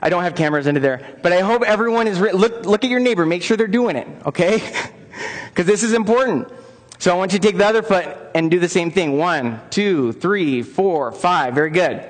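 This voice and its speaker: Guy with a fairly high voice leading a trainer conference session, pumping up the crowd, big hall echo. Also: a little fast. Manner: upbeat, coaxes the audience into joining in. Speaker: conference presenter for personal trainers. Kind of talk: interactive conference lecture. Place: large conference room. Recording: long reverb of a conference hall.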